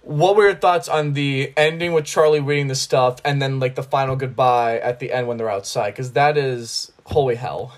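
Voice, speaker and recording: A man's voice: medium pitch, normal speed, few pauses. A man hosting a podcast, chatting about a film in an enthusiastic, rambling way with many restarts. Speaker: podcast host. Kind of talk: casual film discussion.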